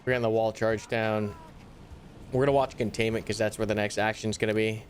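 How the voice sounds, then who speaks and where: A young man giving live commentary on a tactical shooter, animated and easily exasperated, groaning and swearing at setbacks. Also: lowish voice, a little fast, a little hiss or hum. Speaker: gaming YouTuber.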